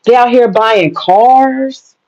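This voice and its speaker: A woman's voice: fairly high pitch, takes it slowly, a little mellow. An American woman, a vlogger, delivering a heated, profane rant in a blunt and angry way. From United States. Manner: blunt, heated, heavy swearing. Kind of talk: profane ranting monologue. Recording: dull lo-fi recording.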